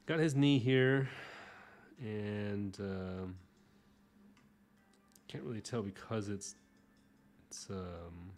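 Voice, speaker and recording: Male streamer-artist, lowish voice, loose rambling chat with self-mocking jokes, mumbles as he works. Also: extremely slow, long pauses. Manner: talks while drawing, trailing off into soft mumbles. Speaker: artist hosting a drawing livestream. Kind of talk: casual livestream drawing commentary.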